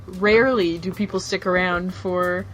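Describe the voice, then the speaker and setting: A woman's voice: fairly low pitch, fairly even intonation, normal speed, soft background music. A woman co-hosting a podcast, chatting casually and reading listener mail aloud. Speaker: podcast co-host.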